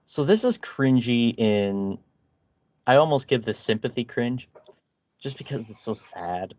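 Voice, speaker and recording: A man's voice: mid-range voice, very animated, a little slow, darkish tone, dry recording. A man co-hosting a podcast, trading crude jokes and mocking impressions, laughing often. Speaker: podcast co-host. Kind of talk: casual comedic commentary.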